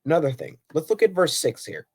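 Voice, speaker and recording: A man's voice: huge pitch swings, brisk, a little mellow, slightly rough. Argumentative man reading and debating scripture. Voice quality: voice cracks on high notes. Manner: argumentative, rhetorical questions, reads verses aloud with emphasis. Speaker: Christian apologetics video host. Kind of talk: solo explainer reading and arguing over scripture.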